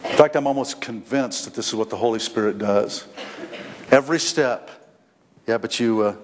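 A middle-aged male pastor delivering a heartfelt sermon from a church stage, stumbling over repeated words as he presses his point. His voice rings with a long hall reverb, and faint noise sits underneath. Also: normal speed. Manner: emotional, stammering repetitions, rising pitch when voicing the prodigal son.

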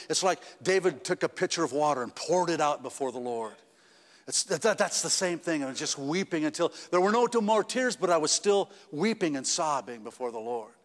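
Man preaching in an echoing hall. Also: fairly high pitch. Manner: conversational, repeats and restarts, rises to emphatic peaks. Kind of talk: sermon. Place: church sanctuary.

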